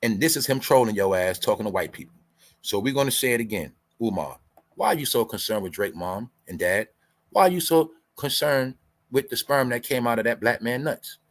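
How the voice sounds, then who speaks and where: A man's voice: medium pitch, expressive, fairly quick. A man hosting a commentary show, ranting in a profane, combative, lecturing way and repeating his points for emphasis. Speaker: host. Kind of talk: commentary rant.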